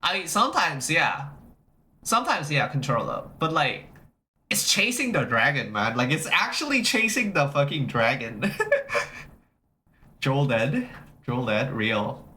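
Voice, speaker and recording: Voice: medium pitch, normal speed. A livestreamer in casual chat, rambling and repeating phrases, swearing freely and greeting viewers as they arrive. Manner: animated, reacting to chat.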